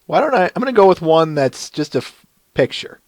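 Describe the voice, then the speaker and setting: A man's voice: fairly high pitch, big pitch swings, fairly quick, dry recording. A man hosting a podcast, chatting casually and laughing often. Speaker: podcast host. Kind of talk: casual chat.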